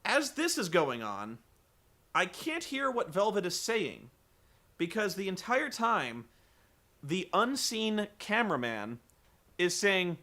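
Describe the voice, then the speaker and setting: A man recapping a wrestling show for comedy, rambling and incredulous, swearing and acting out the quotes loudly. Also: high-pitched, huge pitch swings, slow.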